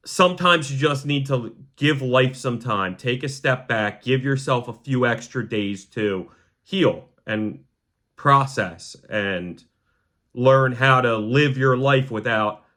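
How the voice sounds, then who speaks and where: A young man hosting a podcast, talking to camera in a heartfelt, halting way that sometimes sounds choked up. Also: medium pitch, a bit bright. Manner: repeats the word "gang" to the audience. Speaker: podcast host. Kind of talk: emotional personal monologue to camera.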